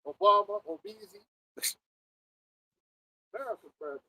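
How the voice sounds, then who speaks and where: Preacher, male, animated chat host; very high, lively pitch. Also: measured pace, gravelly, highs cut off. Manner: animated, laughing, repeats words. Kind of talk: casual livestream chat.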